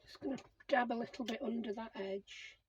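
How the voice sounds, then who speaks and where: A middle-aged crafting channel host works on a project and talks herself through each step in chatty, casual commentary. Her voice is on the high side, brisk, and fairly even in intonation. The audio is dull, with a little hiss or hum.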